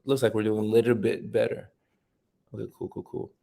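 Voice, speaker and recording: Gravelly-voiced man hosting a livestream. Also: on the low side, fairly quick. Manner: relaxed, repeats himself, reads chat aloud. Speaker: livestream host. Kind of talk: casual livestream chat.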